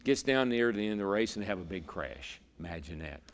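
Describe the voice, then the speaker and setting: Ex-racer, low-pitched, spins a long story for the interviewer, stumbling over words now and then. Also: male voice, expressive, quick pace. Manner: vivid storyteller, repeats words when emotional. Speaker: interview guest, former racer turned broadcaster. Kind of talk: storytelling in a conversation.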